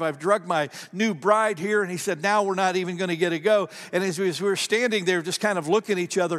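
A middle-aged man preaching a sermon, telling a story with animated swells and hushed drops. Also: sits high. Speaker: pastor. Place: church sanctuary. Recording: long hall reverb.

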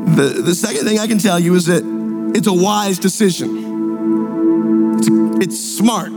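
Slow-preaching man in an echoing hall. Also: high voice, loud music behind the voice. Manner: earnest, repetitive emphasis with drawn-out key words. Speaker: pastor. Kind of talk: sermon. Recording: long reverb in a large hall.

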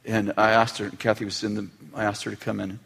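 A man's voice: on the low side, level tone, quick pace, creaky, a bit bright, breathy edge. A middle-aged man preaching a sermon, telling family stories and acting out their quotes with humor. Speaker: pastor.

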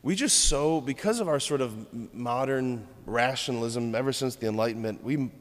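A man preaching a sermon, earnest and steady, building his points through rhythmic lists. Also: mid-range voice, a little fast. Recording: long hall reverb.

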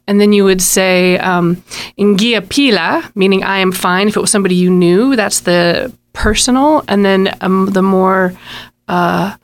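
A middle-aged woman being interviewed on a radio show, recounting her experiences with warmth. She pauses often and fills the gaps with ums, speaking at a plain, middling pitch. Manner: warm storyteller, hesitant with many ums. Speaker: guest.

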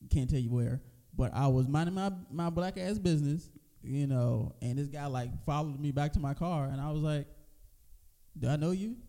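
A man's voice: on the high side, moderate pace, warm tone. A man co-hosting a casual comedy podcast, telling stories with laid-back, dry humor and casual swearing. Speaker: podcast co-host.

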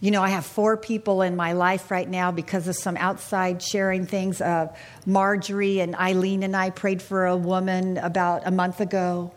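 A woman's voice: fairly low pitch, little pitch movement, moderate pace. A middle-aged woman teaching the Bible to a small group in an earnest, confiding way, often asking her listeners questions.

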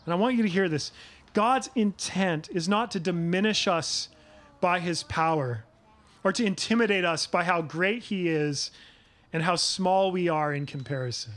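A middle-aged male pastor delivers a sermon in a fairly high voice. He speaks earnestly and at a measured pace, pausing on key phrases and putting questions to his congregation. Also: fairly bright tone.

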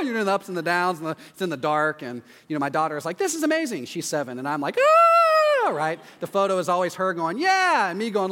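Man, pastor, conversational sermon, animated quoted yelps, long hall echo. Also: medium pitch. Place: church auditorium. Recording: long hall reverb, faint music.

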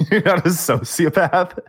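A man's voice: sits high, slow, breathy edge. A man co-hosting a casual gaming podcast, sarcastic and profane with dry jokes. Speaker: podcast co-host.

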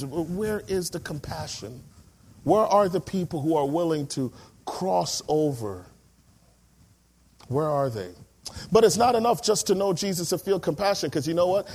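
A man in his thirties preaching a sermon as pastor, lively and emphatic, slowing down on key words and acting out the people he quotes. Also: high voice. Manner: animated, acts out quoted voices, slows for emphasis.

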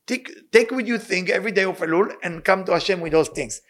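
A man's voice: high-pitched, fast talker, few pauses, fairly bright tone. A man giving a sermon in English, earnest and emphatic, with phrases. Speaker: rabbi teaching.

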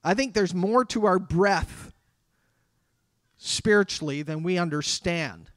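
A man delivering a sermon as a pastor, talking conversationally with dramatic pauses. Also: sits high, no echo, studio quality. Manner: conversational preaching with dramatic pauses and acted quotes.

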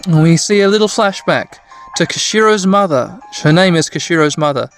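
A man talks through a video game in a soft bedtime manner, wandering off into wry little asides as he goes. His pitch moves about a lot. Faint music plays beneath him. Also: animated, normal speed, smooth. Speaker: let's play narrator.

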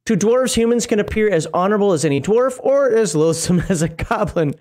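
This podcast co-host reads game lore aloud on a casual talk show, rambling into asides and stopping often to laugh and comment. He's a man with a high, lively, brisk voice and a darkish tone.

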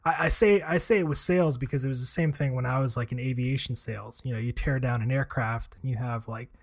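A man's voice: mid-range voice, fast talker, gravelly. A man in casual podcast chat, rambling with many "like" and "you know" fillers. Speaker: co-host, former aviation salesman.

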